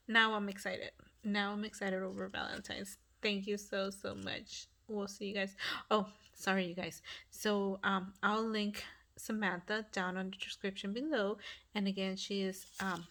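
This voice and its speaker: A woman hosting her craft channel, casually opening a mail package and gushing over it with breathy exclamations that at times drop to a whisper. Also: medium pitch, steady tone, a little slow, a bit bright. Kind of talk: casual unboxing vlog.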